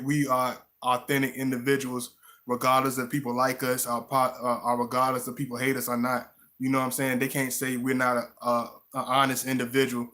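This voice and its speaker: A man's voice: mid-range voice, a bit bright. A man hosting a casual live stream who rambles, restarts his words often, and greets viewers in the chat by name.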